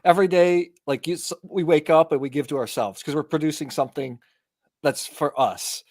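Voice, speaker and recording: A man's voice: fairly high pitch, moderate pace, darkish tone, no room sound, studio quality. A man appearing as a guest on a wine podcast, chatting casually and enthusiastically while asking questions.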